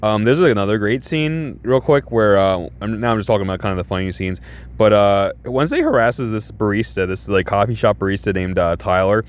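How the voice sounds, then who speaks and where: A man casually reviewing a show in a vlog, excitable and rambling, swearing a lot. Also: on the low side, a little fast, clear, resonant tone.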